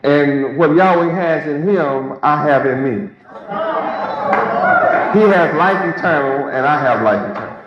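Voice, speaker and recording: A man's voice: fairly high pitch, unhurried, pauses often. A man preaching a sermon to a congregation, emphatic and repetitive, full of rhetorical questions. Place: large hall with congregation. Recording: echoey hall, lo-fi, crowd.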